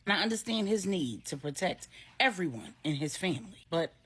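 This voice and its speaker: A woman's voice: lowish voice, lively intonation, fairly quick, a bit bright, slightly rough. A woman voicing a firm, earnest churchgoing businesswoman who leads a women's ministry, in a storybook reading.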